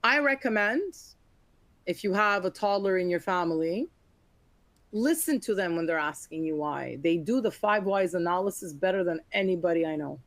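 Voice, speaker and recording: A woman's voice: fairly low pitch, moderate pace, no echo. Dry-voiced woman teaching with stories. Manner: animated storytelling, acting out quoted dialogue. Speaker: auditor and webinar presenter. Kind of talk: webinar teaching with anecdotes.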